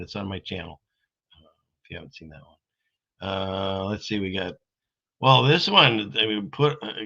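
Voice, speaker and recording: A man's voice: mid-range voice, pushed and bright. A man hosting a casual live stream, rambling in a folksy way as he reads out viewer comments. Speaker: streamer host. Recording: dull lo-fi stream audio.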